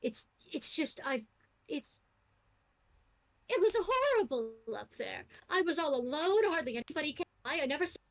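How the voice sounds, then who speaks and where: A woman voicing a hulking male samurai who stammers and rushes his words with anxious devotion. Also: sits high, sing-song, a bit bright, heavily acted. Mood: distraught.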